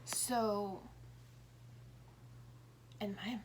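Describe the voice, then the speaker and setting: A woman's voice: mid-range voice, steady tone, drawn-out words, slight background noise. A woman in her fifties talking in a rambling, self-interrupting way, acting out little dialogues as she explains. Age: 50s. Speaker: tarot reader. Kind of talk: casual monologue.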